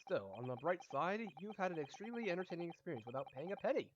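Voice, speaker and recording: A man's voice: high voice, sing-song, very fast, muffled recording, noisy background. A man playing a flamboyant male Victorian detective in a game read-through, with a theatrical, grandiose manner. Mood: breezy.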